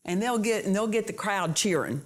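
A woman's voice: medium pitch, expressive, fairly quick. A woman preaching a sermon, earnest and emphatic, repeating key phrases for emphasis.

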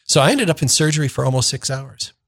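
An older man, a deacon in his sixties, tells a personal story on the radio in a warm-paced conversational way and acts out what people said. His voice sits at an ordinary middle pitch. The studio sound is close and dry, with no room echo. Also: fast, creaky, slightly rough. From northern Minnesota. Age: 60s. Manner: conversational, animated retelling with acted-out quotes.

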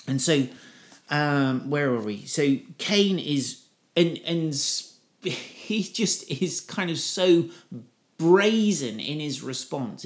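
A middle-aged man preaching in a conversational way, lifting his voice when reading scripture aloud. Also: medium pitch. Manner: conversational, reads scripture with raised voice for quotes. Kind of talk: informal Bible teaching.

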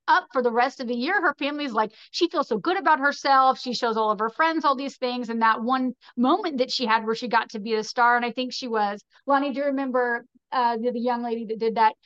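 A fairly high-voiced woman chatting as a podcast guest. She rambles loosely and leans on "like" and "you know". The sound is dry and a little dull and muffled. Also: fairly bright tone, no echo. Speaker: podcast guest, fashion designer. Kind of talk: casual conversational storytelling.

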